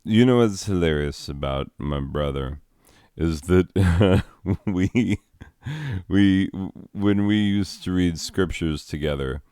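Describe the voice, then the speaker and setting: A man hosting a video, talking in a halting, self-deprecating, rambling monologue. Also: low-pitched, mellow, clear, resonant tone, no room sound, studio quality. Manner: halting, self-deprecating, many fillers and restarts. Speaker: video host.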